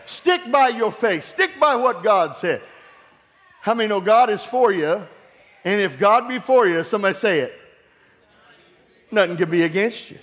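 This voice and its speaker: A man's voice: sits high, lively intonation, normal speed, fairly bright tone. A man preaching a sermon as pastor, calling for amens and telling funny stories about his family. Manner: call-and-response preaching with humorous family stories. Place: church sanctuary. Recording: long hall reverb.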